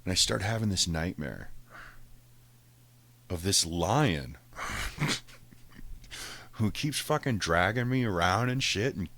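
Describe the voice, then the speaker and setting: A podcast host telling a casual, profane story, animated and laughing often. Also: male voice, deep voice, slow pace, long pauses.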